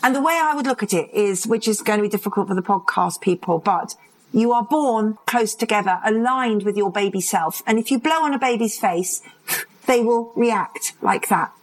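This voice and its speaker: Woman, live talk, storytelling, mid-pitched voice, acts out quotes. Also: moderate pace, rough recording. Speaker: addiction expert speaking live. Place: conference hall, live audience.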